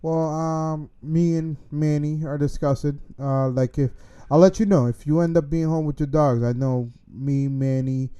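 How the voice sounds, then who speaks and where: Laid-back young male podcast co-host, mellow tone, slangy and halting. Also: a little high, fairly even intonation, smooth, lo-fi sound. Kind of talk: casual podcast chat.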